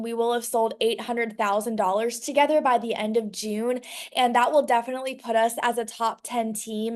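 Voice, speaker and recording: High-voiced gushing woman on video call. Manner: gushing, emphatic, faith-filled pep talk. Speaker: sales director leading team call. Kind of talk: motivational team video call.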